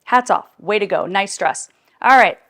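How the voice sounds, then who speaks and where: A woman's voice: medium pitch, expressive, normal speed, fairly bright tone. A middle-aged woman chatting casually in a clothing try-on video, bubbly and gushing, laughing often, on a clip-on mic indoors. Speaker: fashion vlogger. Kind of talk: casual try-on haul chat.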